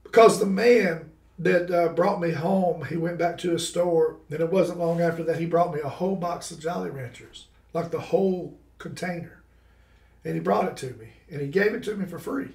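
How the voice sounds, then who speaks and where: High-voiced man telling a lively story. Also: moderate pace, creaky. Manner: lively, laughing, exclaims with "bro" and "man". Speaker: podcast guest. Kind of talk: animated personal storytelling. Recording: roomy sound from a distant mic.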